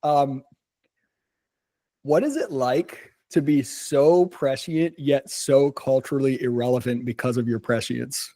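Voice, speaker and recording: A man hosting a casual podcast chat, animated and teasing, laughing often as he questions his friend. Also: medium pitch, unhurried, dry recording. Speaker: podcast host.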